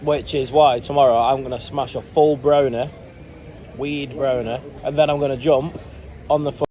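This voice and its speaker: A man's voice: mid-range voice, fairly even intonation, moderate pace, dark tone. A man vlogging on a trip, chatty and sweary, filming himself on a handheld camera on city streets. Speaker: travel vlogger. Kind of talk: casual vlog chat. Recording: noisy outdoor street audio.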